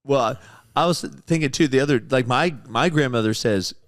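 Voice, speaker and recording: Male podcast co-host, easygoing casual talker who fills pauses and agrees a lot. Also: medium pitch. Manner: easygoing, lots of fillers and agreement. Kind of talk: casual chat.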